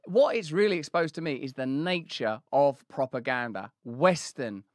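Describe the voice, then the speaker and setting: A man's voice: medium pitch, lively intonation, normal speed, no room sound, studio quality. A man hosts a commentary monologue, speaking grandly and mockingly and acting out imagined voices. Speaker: show host.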